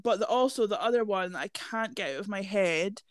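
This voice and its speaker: A woman's voice: mid-range voice, a little fast, no room sound. A young woman, chatting casually as a podcast host, sweary and gushing, with long run-on rants. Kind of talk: casual chat.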